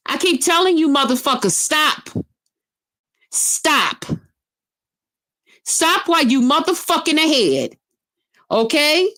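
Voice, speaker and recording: Middle-aged woman vlogger, fairly high voice, loud cursing rant, taunting and emphatic delivery. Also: very animated, slow, pauses often. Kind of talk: profane on-camera rant.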